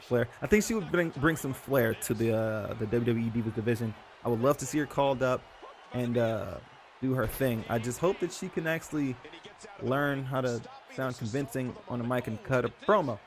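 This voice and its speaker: A man's voice: mid-range voice, moderate pace. A young man hosting his own channel, talking in a loose, rambling way, full of fillers and self-corrections. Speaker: YouTube host. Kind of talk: casual rambling commentary.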